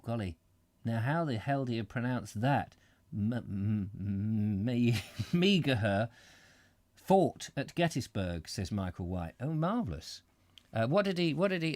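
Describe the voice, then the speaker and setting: Rambling middle-aged Englishman with a lively voice. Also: mid-range voice, no echo. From Britain. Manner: rambling, self-interrupting, chatty asides. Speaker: reader and host. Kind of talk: live reading with chat comments.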